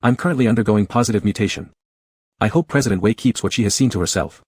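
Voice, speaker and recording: A man voicing a frail young man who speaks in a strained, quietly resolute way. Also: on the low side, fast, slightly rough. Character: frail young man enduring painful mutation.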